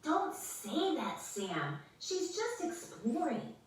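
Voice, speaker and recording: Woman reader doing an excited young girl, high voice, recorded far from the mic. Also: takes it slowly, exaggerated voice. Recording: echoey room, mic far off.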